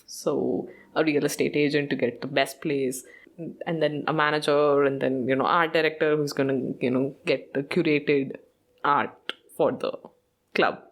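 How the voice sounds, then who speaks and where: A woman's voice: low voice, steady tone, unhurried. A woman hosting a podcast, chatting casually about a show, mixing in Hindi and laughing often. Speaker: podcast host.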